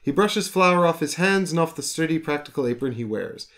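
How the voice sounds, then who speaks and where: A man's voice: fairly high pitch, lively intonation, brisk, fairly bright tone. A man narrating a tabletop storybook game, reading descriptive text aloud steadily, with small stumbles and restarts.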